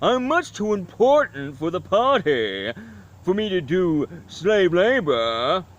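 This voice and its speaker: A pompous, self-important man begging in a haughty whine, put on by a man. His voice rides high and swoops widely at an unhurried pace, over a dull lo-fi recording. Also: very animated, exaggerated voice. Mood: pleading.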